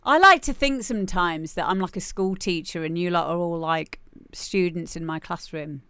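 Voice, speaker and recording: A young woman hosting a music show, chatting casually and jokily, sometimes bursting into loud shouted mimicry. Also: fairly low pitch, moderate pace, smooth. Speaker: radio show host playing listener demos. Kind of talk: casual live-stream chat.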